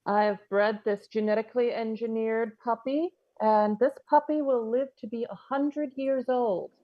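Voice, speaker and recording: Female improviser, theatrical delivery, slightly high voice, muffled dry sound. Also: steady tone, unhurried. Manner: theatrical, playing up characters. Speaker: improv performer. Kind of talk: improvised comedy scene.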